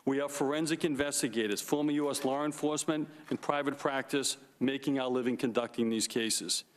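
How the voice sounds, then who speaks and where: A man testifying as a forensic investigator at a hearing, emphatic and deliberate, repeating his key points. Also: medium pitch, fairly even intonation. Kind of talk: formal opening statement. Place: hearing room. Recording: long reverb of a hearing room.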